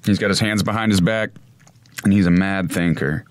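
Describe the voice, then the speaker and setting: A man co-hosting a podcast in casual chat, animated and laughing a lot. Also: sits low, moderate pace, no room sound. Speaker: podcast co-host.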